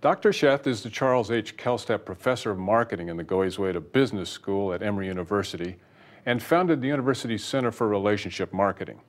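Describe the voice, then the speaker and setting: A man's voice: on the low side, fast. A male host and moderator giving a formal, scripted introduction to a lecture series.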